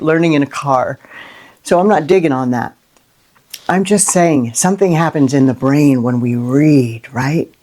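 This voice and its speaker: A middle-aged woman hosting a Christian inspirational video, talking unscripted and from the heart, with lively rhetorical questions and frequent "right?". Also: deep voice. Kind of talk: unscripted heartfelt monologue to camera.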